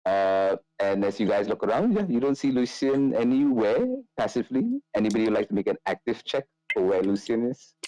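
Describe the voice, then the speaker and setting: A man's voice: fairly low pitch, animated, a little fast, hardly any pauses, dark tone, no room sound, low-quality recording. A man narrating as game master, hesitating often with fillers and restarts.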